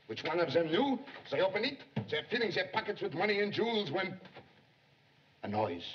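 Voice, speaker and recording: A flustered young would-be detective. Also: male voice, high-pitched, moderate pace, a little hiss or hum. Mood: excited. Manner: flustered and excitable, tumbling into theatrics. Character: eager, excitable young male police secretary. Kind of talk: 1930s film acting. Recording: dull lo-fi 1930s film soundtrack.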